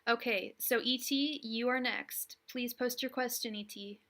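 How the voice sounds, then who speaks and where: A young woman hosting a live tarot stream, hurried and distracted as she talks to viewers, murmuring low incantations over the cards from a small room at home. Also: steady tone, bright, forceful tone. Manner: hurried and distracted, pausing to talk to her dog.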